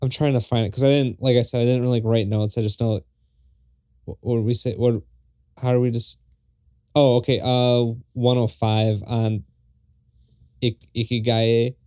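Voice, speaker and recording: In clean studio sound with no room echo, a podcast co-host with a mid-range, clear voice chats casually about songs. He's relaxed, laughs easily and phrases things loosely while reviewing music.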